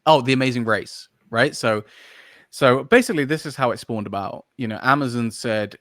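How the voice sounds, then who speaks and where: On a podcast, a male dog trainer talks animatedly in a casual interview, going on at length and stumbling through fillers and restarts while searching for the right words. He has a mid-range, slightly bright voice at a moderate pace, with clean studio sound and no room echo.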